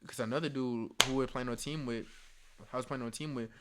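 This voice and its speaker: A man's voice: mid-range voice, fairly even intonation, fast, background noise. A young man telling a casual story in slang, laughing often and acting out the dialogue. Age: young adult. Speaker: storyteller vlogger.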